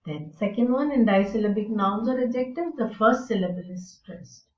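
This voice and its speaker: A woman teaching English in a slow, deliberate lecture, explaining with fillers. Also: mid-range voice. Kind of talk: recorded lecture. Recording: roomy and distant, dull sound.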